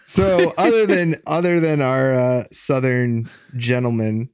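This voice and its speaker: A man's voice: medium pitch, fairly even intonation, unhurried, darkish tone, smooth, dry recording. Dry-voiced man recapping a story. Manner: dry, hesitant with fillers. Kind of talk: casual chat, recapping a story.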